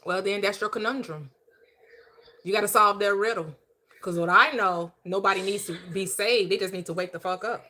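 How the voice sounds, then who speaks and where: A woman's voice: medium pitch, normal speed, sharp tone, slight background noise. A woman hosting a casual online panel chat, blunt, teasing and preachy. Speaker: host.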